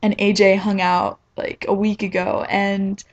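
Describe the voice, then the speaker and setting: Chatty and meandering, a young woman in a casual vlog tells a story poking fun at herself, saying "like" constantly. She speaks unhurriedly in a level, mid-range voice, and the recording's highs are cut off.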